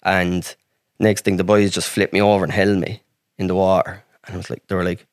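As a guest on a podcast, a man from Ireland rambles through a long personal story, swearing freely and frequently starting over. His voice is low and brisk with little pitch movement, captured in studio quality with no echo.

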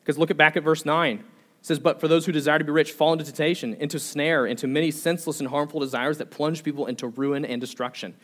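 A man's voice: fairly high pitch, steady tone, quick pace, a bit bright. A young adult man preaching a sermon as pastor, earnest, asking repeated rhetorical questions and often restarting his words.

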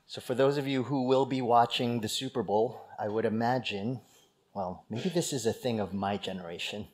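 A man's voice: fairly low pitch, darkish tone. A male pastor preaching a sermon in a conversational teaching manner, stressing key words.

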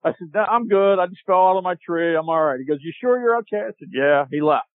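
A man telling a long hunting story as a podcast guest, animated and laughing as he goes. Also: fairly high pitch, quick pace, dry recording. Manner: animated, laughs while telling, acts out shouted quotes. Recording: tinny dry phone-line audio.

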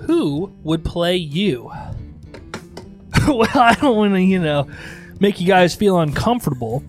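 Joking male podcast host, animated pitch. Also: measured pace, soft background music. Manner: teasing, laughs often. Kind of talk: casual podcast chat.

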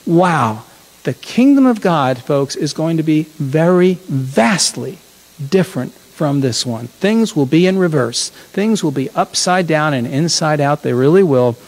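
Male preacher, high voice, folksy chatty sermon, self-correcting. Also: animated, a little slow, a little mellow, rough recording. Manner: folksy, conversational, corrects himself often.

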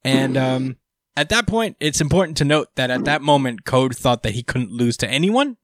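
A man's voice: mid-range voice, animated, normal speed, dry recording, studio quality. A man hosting a casual recap chat, laid-back, swearing freely, laughing often, with lots of fillers.

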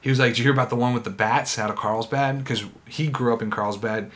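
A man chatting casually on a podcast, telling animated stories with plenty of swearing and laughter. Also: medium pitch, quick pace. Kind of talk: casual chat.

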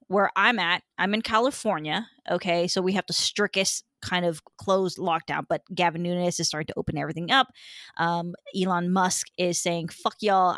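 A woman's voice: medium pitch, fairly bright tone, dry recording, studio quality. A woman hosting a podcast, chatting casually about politics in a rambling, profane way with many fillers. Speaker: podcast host.

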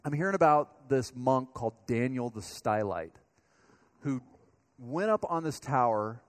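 A pastor from Colorado giving a sermon, speaking to the congregation in a conversational, storytelling way. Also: male voice, mid-range voice, lively intonation, unhurried. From Colorado, USA.

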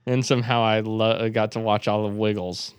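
A man's voice: on the low side, little pitch movement, normal speed, clean tone, no echo, studio quality. A man co-hosting a podcast in casual chat, rambling and laughing often. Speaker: podcast co-host.

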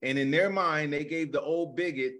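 A man co-hosting a comedy podcast, telling a story in a relaxed, rambling, casual way. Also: on the high side, moderate pace. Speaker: comedian co-host.

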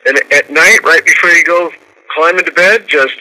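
Radio guy with a slightly high, really bright voice, explains things step by step. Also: normal speed, poor audio. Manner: explains step by step, counting out loud. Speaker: radio show co-host. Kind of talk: instructional radio talk.

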